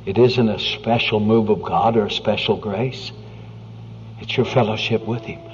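A man preaching a sermon in an earnest, conversational way, often dropping to a hushed near-whisper. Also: fairly low pitch, steady tone, normal speed, a little hiss or hum. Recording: dull lo-fi recording with faint music.

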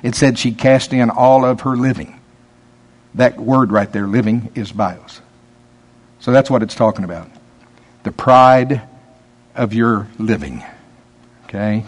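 Chatty male preacher with lively emphasis. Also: a little slow, pauses often. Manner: conversational, laughing, teasing asides to the congregation; lively rises in pitch and volume when stressing a point. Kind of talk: sermon.

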